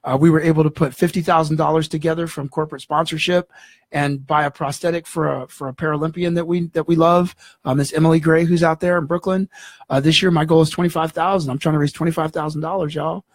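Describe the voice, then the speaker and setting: A man, a guest in an interview, telling a story in an animated way and acting out the voices in it. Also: on the high side, fast, dry recording, clean studio sound. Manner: animated, acts out dialogue in the story.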